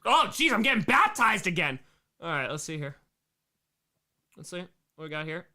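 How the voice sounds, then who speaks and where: A man hosting a live stream, reacting to his own home videos with excitable, self-mocking jokes. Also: high voice, normal speed. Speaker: streamer host.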